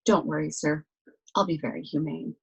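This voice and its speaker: A woman's voice: deep voice, steady tone, moderate pace, creaky, breathy edge, full character voice, poor audio. A woman voicing a fat, polite male cow that offers itself as dinner, speaking with courteous contentment. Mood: genteel.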